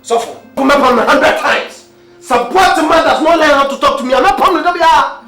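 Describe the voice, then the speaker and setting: A woman's voice: sits high, normal speed, a bit bright. An actor playing an indignant spouse who argues heatedly with a pastor, switching between Twi and English in a film drama. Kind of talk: Ghanaian film drama dialogue. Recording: echoey room with faint music.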